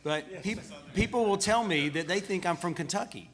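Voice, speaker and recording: A man's voice: high voice, normal speed. A man with a Southern American accent chatting on a panel in a laid-back, self-deprecating way. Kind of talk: casual panel discussion. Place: conference panel room.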